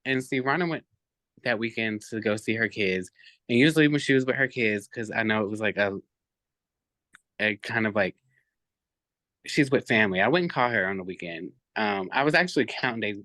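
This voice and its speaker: A man guest on a podcast, telling a personal story in an animated way, with many fillers and lots of reported speech. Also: lowish voice, normal speed, long pauses, no echo.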